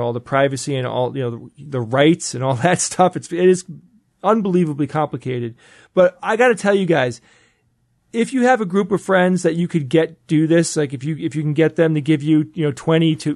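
A man with a slightly high voice chats eagerly on a podcast panel, often restarting his sentences as he explains. The recording is dry and close, with no room sound. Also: darkish tone, no echo. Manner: enthusiastic, explanatory, frequent restarts. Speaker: podcast co-host. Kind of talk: casual panel chat.

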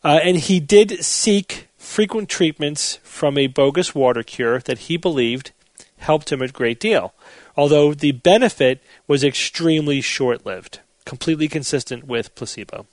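A man hosting a podcast panel, explaining facts in a measured, steady way. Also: on the high side, no room sound. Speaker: podcast host. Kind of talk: casual panel chat.

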